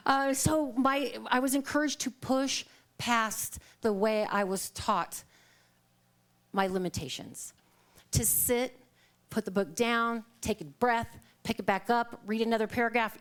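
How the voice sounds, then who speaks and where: A woman minister giving a chatty sermon. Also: a little high. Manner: conversational, storytelling with acted quotes and laughter. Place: church sanctuary.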